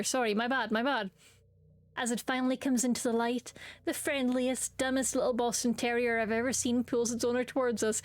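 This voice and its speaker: A woman's voice: fairly high pitch, fairly even intonation, fairly quick, no echo, faint music behind. A woman streaming a dating game, reading its lines aloud with playful comments and silly voices.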